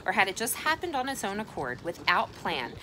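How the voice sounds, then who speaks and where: A woman's voice: mid-range voice, a little fast, a little hiss or hum. A woman reading a novel aloud in a casual way, correcting her slips as she goes. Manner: casual, self-correcting, with lively voices for dialogue. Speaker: reader. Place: outdoors, cold and windy.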